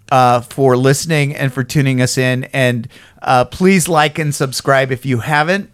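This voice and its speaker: A man in his fifties with a hoarse frog in his throat, hosting a casual podcast in a rambling, self-deprecating way and swearing now and then. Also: on the high side, a bit bright, no room sound, clean studio sound. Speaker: podcast host.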